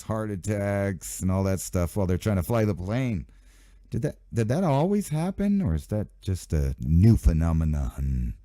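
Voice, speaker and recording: A man's voice: lowish voice, warm tone, no room sound, clean studio sound. Sarcastic man rambling over news. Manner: rambling, sarcastic asides, mock voices of officials. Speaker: channel host. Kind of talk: casual commentary on news headlines.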